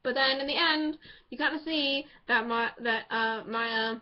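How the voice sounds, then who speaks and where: A woman casually reviewing a TV episode, excitable and rambling as she gushes over the characters. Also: on the high side, a little slow. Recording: dull lo-fi home recording.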